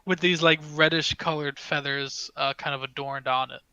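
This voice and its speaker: A man's voice: on the high side, steady tone, normal speed, sharp tone, clean tone, dry recording, lo-fi sound. A man narrating a tabletop game as game master, hesitant with many fillers.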